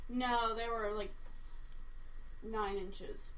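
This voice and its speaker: A woman on a podcast in casual group chat, telling excitable, giggly anecdotes. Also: a little high, drawn-out words, crowd noise.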